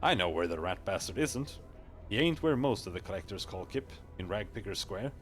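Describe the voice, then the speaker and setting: A man doing a gruff wary street collector. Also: sits low, expressive, brisk, fairly bright tone, faint music behind. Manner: gruff, slangy and suspicious. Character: wary, greedy male street collector in hooded robes.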